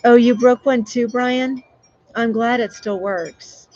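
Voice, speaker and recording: A woman's voice: on the high side, fairly even intonation, slow pace. Female livestream host, chatty and rambling, restarts her sentences, slightly lo-fi sound. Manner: chatty, rambling, warm with frequent fillers and restarts. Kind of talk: casual live chat with viewers.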